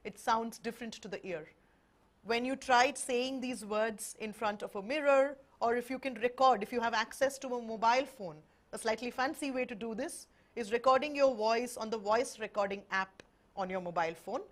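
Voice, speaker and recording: A woman teaching spoken in a warm, encouraging way. She explains step by step with everyday examples and keeps checking that her listeners follow. Her voice sits a little high for a woman. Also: moderate pace. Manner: encouraging, explains with examples, asks "right?" often. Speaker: English-speaking trainer on an education webinar. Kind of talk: friendly instructional talk.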